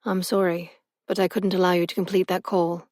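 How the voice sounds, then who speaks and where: A woman voicing a calm, mysterious young British man with a smooth, soft-spoken delivery, read in an audiobook. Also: lowish voice, brisk, no echo, studio quality, close to an everyday voice. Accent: British (put on).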